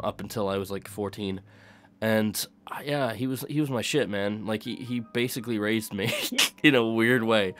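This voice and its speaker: Young uk streamer guy, american-ish accent, lowish voice, rambly and laughy, faint music behind. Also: a bit bright. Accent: mixed American-sounding. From United Kingdom. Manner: rambling, laughs often, swears casually. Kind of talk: casual chat to live chat.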